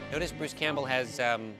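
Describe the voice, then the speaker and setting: A man's voice: mid-range voice, measured pace, over music. A man giving a rambling, joking audio commentary, full of filler uhs. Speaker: actor giving episode commentary. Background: episode soundtrack under commentary.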